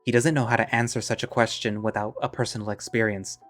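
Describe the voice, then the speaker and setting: A man narrating a visual novel in the second person, steady and measured. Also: fairly low pitch, soft background music.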